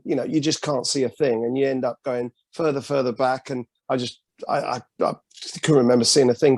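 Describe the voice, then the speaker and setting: A man with a North London accent, a guest on a podcast video call, telling his story in a relaxed way. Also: medium pitch, vocal fry, dry recording. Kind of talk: casual video-call interview.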